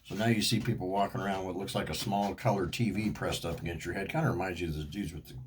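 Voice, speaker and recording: A man's voice: low voice, steady tone, quick pace, a little hiss or hum. Cranky, profane middle-aged man ranting. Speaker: vlogger. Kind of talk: casual ranting monologue.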